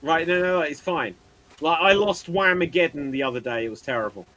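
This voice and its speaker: A man's voice: fairly high pitch, fairly quick, low-quality recording. A man hosting a live geek panel show, chatting animatedly and often restarting his sentences. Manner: animated, trips over words and restarts. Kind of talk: casual panel chat on a live stream.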